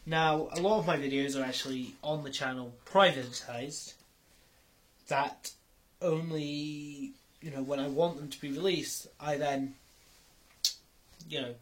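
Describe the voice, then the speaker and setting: A man's voice: on the high side, fairly even intonation, unhurried. Rambling young man vlogging. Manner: rambling, self-correcting, swears casually. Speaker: YouTuber. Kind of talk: casual vlog commentary.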